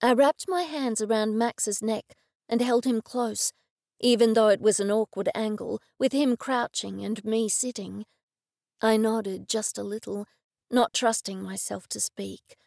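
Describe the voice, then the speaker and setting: A woman reads a first-person audiobook in an expressive, intimate storytelling style. Her voice sits fairly high, with a gravelly fry. The recording is dry and close to the mic. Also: unhurried, no room sound. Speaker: audiobook narrator.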